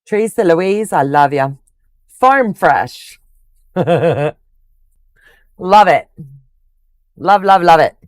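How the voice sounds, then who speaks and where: A woman's voice: on the low side, animated, extremely slow, pauses often, no echo. An older woman hosting a quilting livestream, chatting casually and gushing affectionately over viewers' comments.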